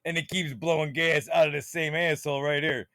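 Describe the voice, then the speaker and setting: A man's voice: a little high, steady tone, brisk, sharp tone, no room sound, clean studio sound. A man hosting his own channel, rambling in casual, profane, conspiratorial commentary while showing things on his computer screen. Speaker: channel host.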